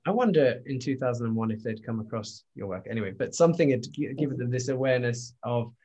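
A man's voice: mid-range voice, animated, fast, warm tone, breathy edge. A man hosting a conversation, a bodywork practitioner, talking with hesitant restarts. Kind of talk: conversational interview. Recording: dull lo-fi audio.

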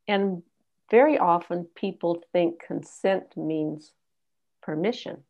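A woman educator explaining a concept in conversation, deliberately teaching through example questions. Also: fairly low pitch, creaky, darkish tone. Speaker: consent educator and guest. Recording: dull lo-fi audio.

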